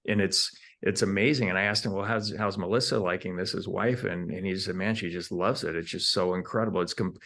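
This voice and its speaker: A man's voice: low voice, fairly even intonation, brisk, hardly any pauses, fairly bright tone. A man, an entrepreneur being interviewed, who explains his ideas in numbered steps and often repeats words while he thinks. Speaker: entrepreneur guest. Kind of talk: conversational interview.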